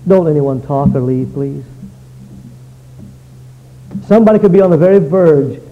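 A man preaching an evangelistic sermon, telling a story and swinging from hushed to loud. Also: on the high side, animated, normal speed, lo-fi sound.

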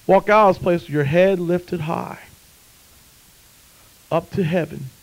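A man's voice: high-pitched, a little slow, gravelly, poor audio. A man preaching a sermon, telling a story and then fervently urging listeners to come to faith. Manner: storytelling, then fervent pleading altar call.

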